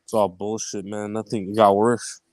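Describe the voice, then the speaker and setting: A man's voice: fairly low pitch, little pitch movement, normal speed, a little mellow, no room sound. A man co-hosting a livestream, laid-back and blunt, laughing often between short casual replies. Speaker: livestream co-host. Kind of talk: casual profane chat.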